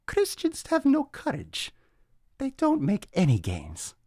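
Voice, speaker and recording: A man voicing a boastful Viking warrior who mocks Christians, in slow, drawn-out, gruff bragging. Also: sits high, huge pitch swings, mellow, dry recording, clean studio sound, voice pushed up, exaggerated voice.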